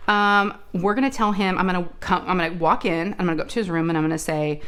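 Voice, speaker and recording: A woman's voice: medium pitch, a little fast, smooth. A woman hosting a crafting channel, telling a family story in casual chat, chatty and full of asides. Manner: chatty, animated retelling with many asides and fillers.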